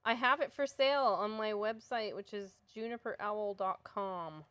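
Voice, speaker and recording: A woman co-hosting a painting tutorial, chatty and quick to laugh. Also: medium pitch, a bit bright, smooth, no echo. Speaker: co-host. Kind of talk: casual chat during a painting tutorial.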